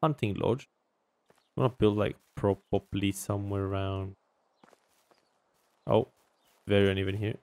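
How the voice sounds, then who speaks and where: Excitable man mumbling through gameplay. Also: lowish voice, a little slow, pauses often. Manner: excitable, talks to himself, jumps from loud outbursts to mumbling. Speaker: gaming YouTuber. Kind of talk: casual gameplay commentary.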